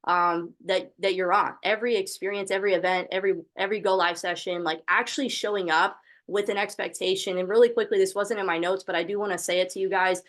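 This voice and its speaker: A woman's voice: medium pitch, fairly even intonation, fast, few pauses, fairly bright tone. A young woman hosting a motivational video call, encouraging and full of faith-filled fervor. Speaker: host of an online training call. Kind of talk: motivational pep talk on a call.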